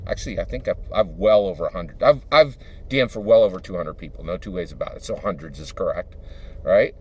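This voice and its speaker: This YouTuber and dungeon master from Philadelphia has a low-pitched, expressive voice and talks fairly quickly. His loose monologue meanders with plenty of fillers and a habit of repeating "right?".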